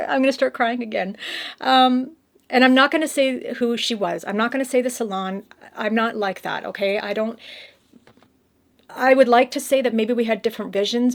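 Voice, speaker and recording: A woman vlogger telling a story to camera, emotional and rambling, often restarting her sentences. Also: fairly high pitch.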